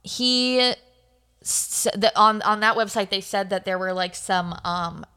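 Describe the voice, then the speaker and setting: A woman podcast host tells a spooky story in loose, casual chat. She rambles, fills gaps with "um" and "like" and keeps correcting herself. Her voice is bright and crisp and cleanly heard. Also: mid-range voice, a little slow. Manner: rambling, many fillers and self-corrections.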